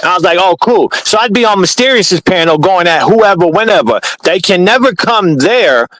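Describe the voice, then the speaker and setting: A man's voice: high voice, lively intonation, moderate pace, fairly bright tone, poor audio. A man telling a long, profane story in casual talk on a live stream panel. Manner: rambling, heated, profane.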